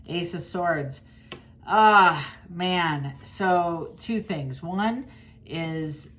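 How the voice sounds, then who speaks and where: A woman with a low, deep-set voice talks through a tarot reading in a loose, chatty way. She speaks straight to her viewers, blunt and candid, and often breaks off to restart a phrase. A faint hiss sits under her voice. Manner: chatty and blunt, with frequent restarts and sudden laughs. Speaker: tarot reader.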